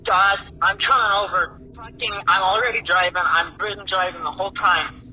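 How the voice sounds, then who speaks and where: A man's voice: high voice, steady tone, normal speed, bright, forceful tone, highs cut off. A man playing an obsessive lovesick man who rambles and swears through frantic voicemails. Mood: agitated. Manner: rambling, swearing, swings between pleading and unhinged. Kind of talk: played voicemail recording.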